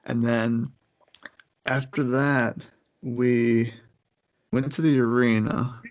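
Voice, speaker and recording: A man's voice: medium pitch, little pitch movement, slow, no room sound, highs cut off. A young man telling a story in casual chat, rambling with lots of fillers and restarts.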